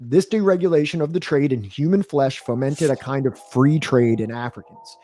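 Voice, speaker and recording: A man co-hosting a history stream, reading from a book and explaining it in his own words, pausing often with fillers and correcting himself as he goes. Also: mid-range voice, warm tone. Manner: thoughtful, with frequent fillers and self-corrections.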